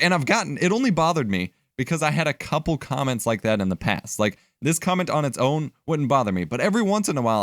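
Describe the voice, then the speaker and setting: A man's voice: mid-range voice, no room sound, clean studio sound. A young man chatting casually while editing on a live stream, thinking aloud and swearing now and then. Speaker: livestreamer editing video.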